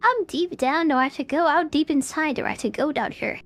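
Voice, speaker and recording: Woman streamer, high and bouncy pitch, casual play-by-play gaming chatter. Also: animated, fairly quick, fairly bright tone. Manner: chatty, filler-heavy, talks to chat.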